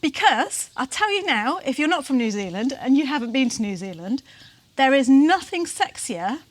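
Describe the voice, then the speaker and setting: A woman's voice: sits high, very animated, moderate pace. A woman co-hosting a vlog in casual chat, teasing and laughing often as she talks, seated outdoors. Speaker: vlog co-host. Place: sitting outdoors.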